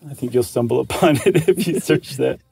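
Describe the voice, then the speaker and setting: A man's voice: mid-range voice, brisk, vocal fry, warm tone, slightly rough, dry recording. A man co-hosting a casual podcast, chatting enthusiastically and rambling with restarts. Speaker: podcast co-host. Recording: dry close studio mic.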